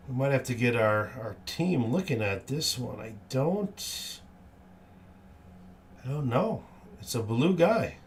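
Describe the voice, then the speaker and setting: Man, card break host, live stream commentary, upbeat, animated pitch, slow delivery. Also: a little hiss or hum. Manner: upbeat, reads out each card, cheerful exclamations.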